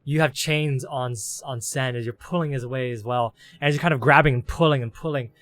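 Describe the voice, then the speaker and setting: A game master running a tabletop role-playing game narrates the scene in a mid-range, fairly bright voice, speaking a little fast with no echo. His storytelling runs on in long sentences, clauses strung together with "as".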